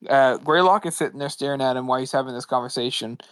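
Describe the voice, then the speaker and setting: A man's voice: mid-range voice, fast talker, fairly bright tone, clear, resonant tone, no echo. Man thinking aloud in a dry room. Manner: thinking aloud with "uh" and "like" while he talks. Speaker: podcast co-host. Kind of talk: casual book podcast chat.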